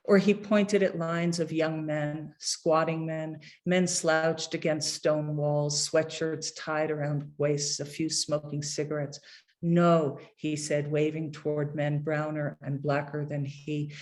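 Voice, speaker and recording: A middle-aged woman poet reading her poems aloud at a book launch, measured and deliberate, with hesitant asides between pieces. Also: low-pitched, level tone, darkish tone. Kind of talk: poetry reading.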